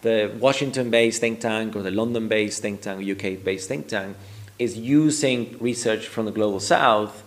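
Speaking at a moderate pace in a fairly low voice, a guest expert on a podcast explains his views with care, often tossing in a "right?" to check in.

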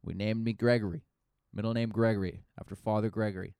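Low smooth-voiced man rambling. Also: fairly even intonation, fast, dark tone, dry recording, clean studio sound. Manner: casual, profane, full of fillers. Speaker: comedian. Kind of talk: rambling podcast monologue.

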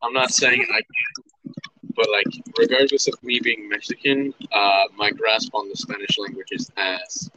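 A man's voice: lowish voice, steady tone, unhurried, sharp tone, poor audio. A young man chatting while gaming, self-mocking and swearing, with clicks behind him. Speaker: gamer. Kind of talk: casual chat while gaming.

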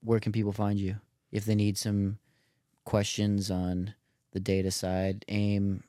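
A man's voice: fairly low pitch, monotone, measured pace, warm tone, dry recording, studio quality. A man hosting a casual podcast, playful and joking, often saying "dude". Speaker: podcast host. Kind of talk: casual chat.

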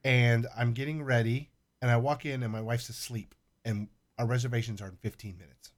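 A middle-aged man telling stories in a casual chat, cursing freely and animated. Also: medium pitch, a little fast. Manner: profane, animated storyteller.

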